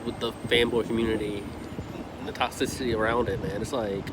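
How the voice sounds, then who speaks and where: A man's voice: on the low side, steady tone, a little fast, very noisy. A man giving a casual, profane and heated movie review, rambling and swearing as he goes.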